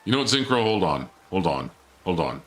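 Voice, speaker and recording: A man's voice: deep voice, big pitch swings, brisk, soft background music. A male streamer giving live gameplay commentary, teasing and taunting in a playful, theatrical mock-villain way.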